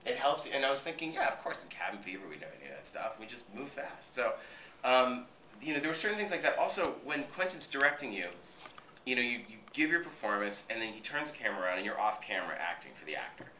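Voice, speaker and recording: A lively, bright-voiced man from Boston tells set stories in an interview, swearing freely and acting out other people's lines. The recording is roomy and echoey, with him some way from the mic. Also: medium pitch, fast talker, slight background noise. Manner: animated, profane, acts out what others said. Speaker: actor being interviewed. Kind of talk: casual interview storytelling. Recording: roomy echo, voice from a distance.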